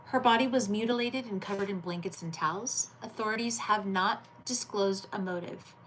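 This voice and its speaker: A woman's voice: medium pitch, moderate pace, fairly bright tone, a little hiss or hum. A woman hosting a late-night livestream, chatting with viewers by name and reading crime headlines aloud. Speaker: livestream host.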